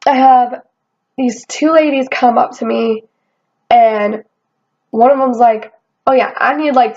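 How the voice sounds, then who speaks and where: A young woman telling a casual storytime rant, animated and swearing, quoting herself as she goes. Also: high voice. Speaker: vlogger. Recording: dull lo-fi sound.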